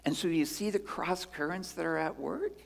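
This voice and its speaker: A pastor preaching a sermon in an earnest way, moving between strong emphasis and hushed lines and asking rhetorical questions. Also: male voice, a little high, normal speed, gravelly. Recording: long hall reverb.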